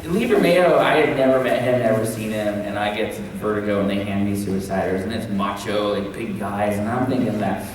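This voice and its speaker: Low-voiced man moderating in an echoey hall. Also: brisk, hardly any pauses. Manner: relaxed, joking, reads out audience questions. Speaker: comics editor moderating a panel. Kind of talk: casual panel conversation. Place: convention panel room. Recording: roomy hall, mic heard from a distance, faint background noise.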